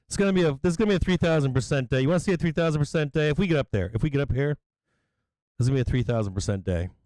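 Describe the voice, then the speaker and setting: A man hosting a live stock-market stream, swearing freely and explaining chart levels, with bursts of excited yelling. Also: fairly high pitch, racing, dry recording, low-quality recording. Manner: profane, excitable, yelling at times. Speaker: stock market livestream host. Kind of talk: live trading commentary.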